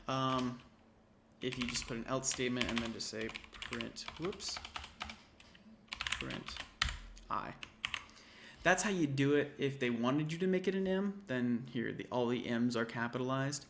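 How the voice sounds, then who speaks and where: In this screen-recorded coding walkthrough, a man tutors an intro programming class, casually thinking out loud and correcting himself as he types. His medium-pitched voice has lively intonation at a moderate pace, with typing, keyboard clicks, and background noise.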